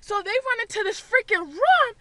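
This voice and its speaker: A woman beauty vlogger tells a story from her car in a bright, piercing voice that swoops high and low. She curses freely and loudly acts out her own screaming. The sound is close and dry, with no room echo. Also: expressive, moderate pace. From Boston area, USA. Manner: loud, swears a lot, acts out her screams. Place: parked car.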